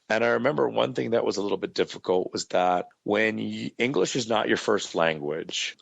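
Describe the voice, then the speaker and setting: A man, a guest in a casual interview, telling animated anecdotes and checking in with "right?". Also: low voice, vocal fry, no room sound. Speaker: actor guest.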